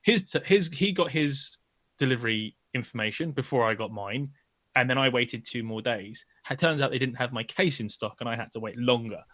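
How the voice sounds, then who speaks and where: A man's voice: medium pitch, moderate pace, fairly bright tone, no room sound. A man co-hosting a casual podcast chat, rambling and self-mocking. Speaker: co-host.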